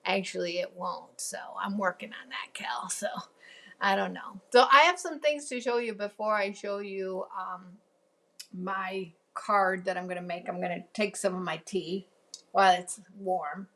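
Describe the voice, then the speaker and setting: A woman's voice: medium pitch, steady tone, normal speed, fairly bright tone. A woman hosting a casual live crafting stream, chatting and answering viewer comments with plenty of ums. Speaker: crafting show host.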